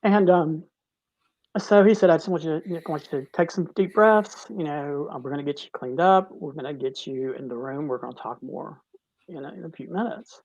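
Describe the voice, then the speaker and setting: A middle-aged man speaks in a fairly high voice, halting and restarting as he recounts something personal and heavy. The sound is dry and dull, like lo-fi call audio. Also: darkish tone, dry recording. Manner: halting, with many restarts, tearful at moments. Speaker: guest, cancer survivor. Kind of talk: emotional personal story in a talk-show interview.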